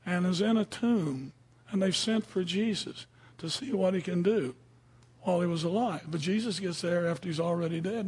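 Male Bible teacher, husky and fairly high, relaxed talky delivery. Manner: conversational, asks the audience questions. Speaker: preacher.

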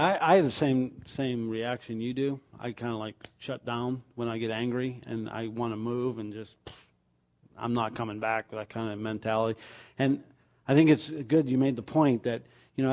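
A man leading a small church group, giving announcements and talking things over in a halting way, with lots of fillers and restarts. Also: medium pitch, darkish tone. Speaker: pastor.

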